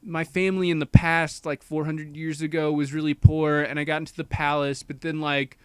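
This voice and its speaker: A man's voice: fairly high pitch, little pitch movement, clean tone, dry recording. Young male co-host, chatty plot-recap rambler; clean dry voice. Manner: rambling, quick quoted voices, many "like"s. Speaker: podcast co-host. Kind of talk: casual movie recap chat.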